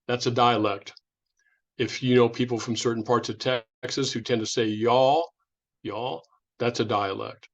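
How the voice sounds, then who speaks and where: A man's voice: medium pitch, level tone, moderate pace, a bit bright. Conversational male lecturer from California. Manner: conversational, with restarts and imitated sounds. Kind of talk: informal public lecture. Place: indoor lecture room.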